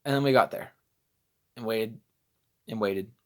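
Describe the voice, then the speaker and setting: Speaking a little slowly in a voice on the low side, a young man tells stories in a casual vlog. He rambles and pokes fun at himself whenever he loses his train of thought.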